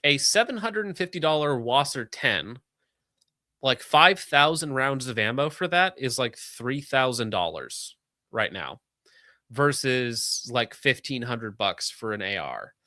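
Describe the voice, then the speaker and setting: Streamer host, male, sarcastic and joking, bright close dry voice. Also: medium pitch, very animated, no room sound. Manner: sarcastic, joking, quick asides. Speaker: streamer reading donations. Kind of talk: casual livestream chat.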